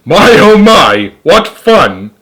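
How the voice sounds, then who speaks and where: A man voicing a gleeful male dentist in a read-aloud storybook, exclaiming brightly. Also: a little high, big pitch swings, moderate pace.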